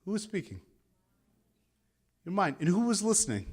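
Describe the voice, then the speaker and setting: A man's voice: high voice, sing-song, moderate pace, darkish tone, breathy edge. Man leading a meditation chant. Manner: leads group chanting, call and response. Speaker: meditation teacher. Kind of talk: guided meditation talk. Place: interfaith gathering hall.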